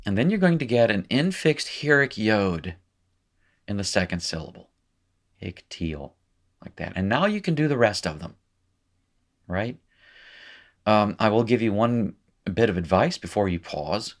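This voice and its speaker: Low-voiced man teaching a recorded lesson. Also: big pitch swings, normal speed, long pauses. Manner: casual, thinks aloud with fillers and self-corrections. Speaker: language teacher. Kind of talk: recorded lecture at a whiteboard.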